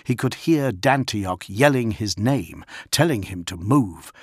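A man giving scripted audiobook narration in a measured, dramatic storytelling manner. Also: lowish voice, animated, slightly rough, no room sound, clean studio sound.

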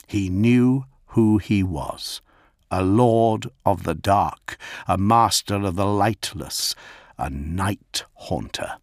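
A male narrator reading an audiobook in a measured, dramatic way. His voice sits low and husky. The recording is dry and close. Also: no echo.

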